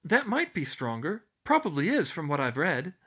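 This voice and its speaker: A man's voice: huge pitch swings, moderate pace, a bit bright, slightly rough, heavily acted. Een angstig, leergierig schoolmeisje, door een man in falset gespeeld, hoog en gespannen, heldere stem. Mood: earnest. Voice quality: high, strained falsetto. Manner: anxious and precise. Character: earnest bookish schoolgirl, about eleven.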